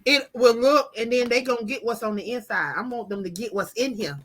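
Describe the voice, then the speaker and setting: A woman's voice: fairly high pitch, fairly quick. A woman hosting a casual group chat, often laughing and repeating herself. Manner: laughing, repetitive, animated. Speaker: book author and host.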